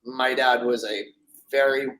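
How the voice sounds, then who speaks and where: A man's voice: medium pitch, fairly even intonation, measured pace, a bit bright, poor audio. A middle-aged man from France, a guest telling long stories in a casual, rambling way, full of fillers. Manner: rambling, many fillers, acts out quoted voices. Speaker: interview guest. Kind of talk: casual storytelling interview.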